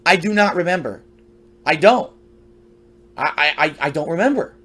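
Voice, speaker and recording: Man, high-pitched voice, rambling personal storytelling, conversational, frequent restarts. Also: animated, moderate pace, bright, forceful tone, breathy edge. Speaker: storyteller recounting his youth.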